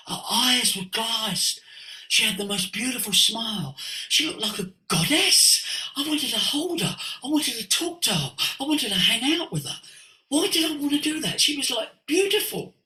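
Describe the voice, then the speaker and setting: A man's voice: very high-pitched, big pitch swings, a little slow, sharp tone, reverberant, distant mic, pitched above the performer's own voice, exaggerated voice, poor audio. A man voicing an astonished male client who speaks in a wondering, raised voice. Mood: amazed.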